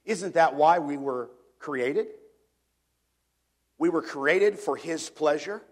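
High-voiced man preaching conversationally. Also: slow. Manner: conversational, asks the congregation questions, repeats words. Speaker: pastor. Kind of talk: sermon. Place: church before a congregation.

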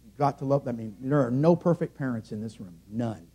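A middle-aged man preaching a sermon in a church, earnest, rising to loud emphatic peaks and then dropping low. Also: animated, a little fast, slightly rough. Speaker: pastor.

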